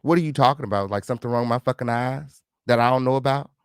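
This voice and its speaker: A man's voice: medium pitch, quick pace, smooth, no echo, clean studio sound. A man hosting a live stream, chatting casually with viewers and reading comments, sassy and heated, swearing freely.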